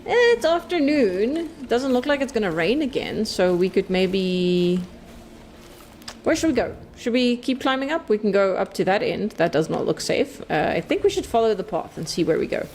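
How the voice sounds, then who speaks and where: A woman's voice: medium pitch, animated, moderate pace, darkish tone, a little hiss or hum. A woman streaming a game, chatting away casually, playful, laughing often and swearing freely. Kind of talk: casual live-stream chat while playing.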